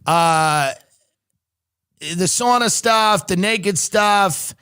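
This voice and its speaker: A man's voice: high-pitched, extremely slow, bright, forceful tone, smooth. A man hosting a comedy podcast, reading news aloud and breaking off for sarcastic jokes. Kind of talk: casual comedic commentary.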